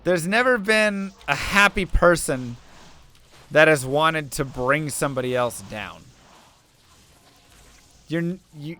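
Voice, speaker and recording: A man's voice: a little high, pushed and bright. A young man streaming to viewers, talking through an earnest, rambling story full of fillers as he chats. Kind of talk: casual chat while gaming.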